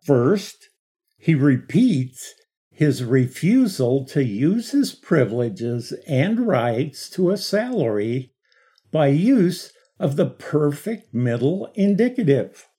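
A middle-aged man teaching a Bible study lecture, explaining slowly and stressing key words with emphatic repetition. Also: mid-range voice, very animated, dark tone, slightly rough.

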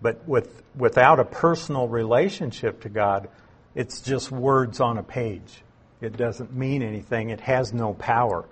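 A man gives an expository Bible lesson at a slow, deliberate pace. His voice is a little husky, and he stops to explain terms and repeat the point so it lands. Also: medium pitch. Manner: unhurried, explains terms and repeats key phrases. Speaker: Bible teacher.

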